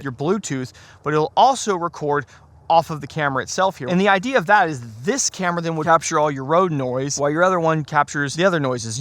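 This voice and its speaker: A man's voice: on the high side, fairly bright tone, no echo. A man hosting a casual motorcycle gear vlog, chatty and self-deprecating with lots of fillers, sometimes testing mics on his bike. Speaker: motovlog host. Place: on a motorcycle outdoors in rain and traffic. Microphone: helmet mic and small clip-on wireless mic. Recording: noisy outdoor ride audio. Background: wind and road noise.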